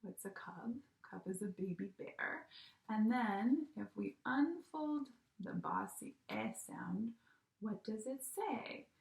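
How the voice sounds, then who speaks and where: A woman's voice: a little high, expressive, takes it slowly, vocal fry. A woman teacher giving a recorded phonics lesson to young children, patient and sing-song, often checking in with "okay?". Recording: echoey room.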